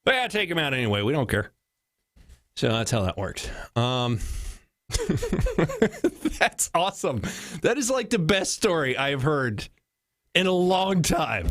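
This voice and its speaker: Reading out news items and riffing on them, a man hosting a talk show works alone, wry and laughing, now and then putting on mock voices. He has a slightly high, a bit bright voice.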